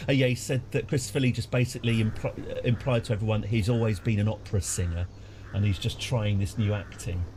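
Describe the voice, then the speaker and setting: A man's voice: lowish voice, fairly even intonation, fast, a little mellow, slight background noise. A man chatting casually on a game stream, rambling through jokey stories with lots of fillers. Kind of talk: casual live-stream chat while gaming.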